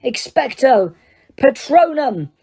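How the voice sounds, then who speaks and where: A woman voicing a determined, shaken thirteen-year-old boy wizard in an audiobook, who yells his spells in strained, high shouts. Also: expressive, moderate pace. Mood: shouting spells. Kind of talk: audiobook character reading.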